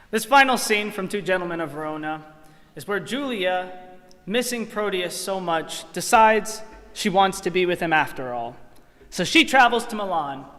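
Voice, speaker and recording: A man's voice: sits high, sharp tone. A man narrating scene summaries in a plain, explanatory way. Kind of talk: scripted narration. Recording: long reverberant echo.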